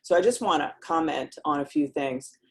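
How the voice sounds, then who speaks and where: A woman's voice: low-pitched, normal speed. A woman hosting a live-streamed motivational talk for a women's group, earnest and rambling, who reads viewer comments aloud and presses her points with rhetorical questions.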